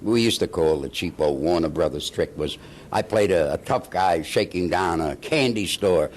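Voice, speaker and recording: An older man with a lowish voice tells his stories with lively, swooping intonation. He chuckles as he goes and slips into the voices of the people he quotes, like a veteran actor reminiscing in an interview. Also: moderate pace, slight background noise. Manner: animated, chuckling storyteller who acts out the people he quotes. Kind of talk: anecdotal storytelling.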